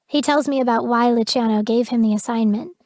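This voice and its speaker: A woman's voice: on the high side, a little fast, a little mellow, dry recording, studio quality. Woman narrating an intimate audiobook. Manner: intimate, emotional delivery. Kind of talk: first-person audiobook narration.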